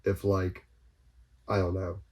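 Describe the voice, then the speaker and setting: A man co-hosting a casual podcast, telling stories loosely with profane asides and loud bursts when he gets going. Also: deep voice, completely flat delivery, takes it slowly. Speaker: podcast co-host.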